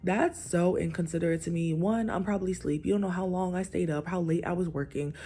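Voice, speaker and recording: A woman's voice: on the low side, fairly even intonation, fast, dark tone, soft background music. A woman ranting in a vlog, blunt and exasperated, swearing freely. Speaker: vlogger.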